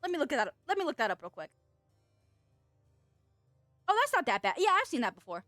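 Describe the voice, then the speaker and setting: A woman livestreamer talks loosely to her chat in a slightly high voice, wandering from thought to thought and swearing without a second thought. She laughs often as she goes. The sound is dry and close, with faint music underneath. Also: sing-song, brisk, fairly bright tone, no echo. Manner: chatty, rambling, swears casually, laughs often. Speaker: VTuber streamer and singer.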